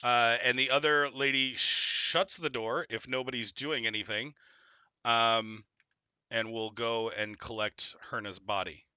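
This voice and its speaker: A man narrating as game master of a tabletop game, relaxed and full of fillers. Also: mid-range voice, measured pace, smooth, dry recording.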